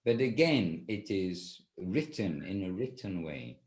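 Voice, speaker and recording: Leading his class at a slow pace, the spiritual teacher has a low, sing-song, slightly mellow voice. The informal lesson meanders, full of restarts and self-corrections.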